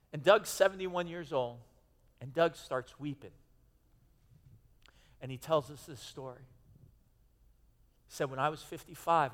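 Pastor guy preaching in a big echoey church, kinda high voice, chatty and emphatic, lots of restarts. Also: a bit bright. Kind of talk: sermon. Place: church sanctuary. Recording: long hall reverb.

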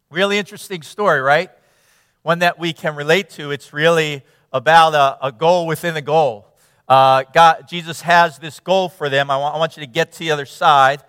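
A man preaching a sermon, reading scripture with emphatic retelling and praying in a hushed tone. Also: fairly high pitch, clean tone, dry recording, studio quality, long reverb tail. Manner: earnest, emphatic, drops to a hushed tone in prayer. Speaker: pastor.

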